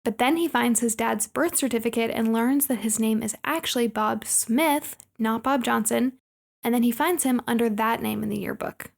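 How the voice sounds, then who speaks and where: A woman's voice: on the high side, moderate pace, creaky. A woman co-hosting a podcast, summarizing a movie plot in casual chat with playful asides. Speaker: podcast co-host.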